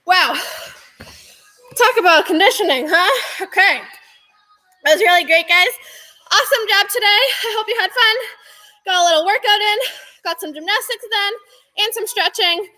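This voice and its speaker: Upbeat young woman gym coach, winded, bright high voice, roomy echo, faint music behind. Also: normal speed, pauses often. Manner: upbeat, cheering, laughs often. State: out of breath. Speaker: gymnastics coach. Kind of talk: online fitness class instruction. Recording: echoey room with music behind.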